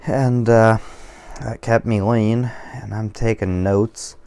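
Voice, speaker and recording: A deep-voiced man with a gravelly edge talks straight to camera in a relaxed, wandering monologue. He drifts off on tangents, swears casually and makes fun of himself along the way. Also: takes it slowly. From Washington State, USA. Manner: digressive, profane, self-deprecating. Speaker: vlogger. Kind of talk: casual rambling monologue over beer.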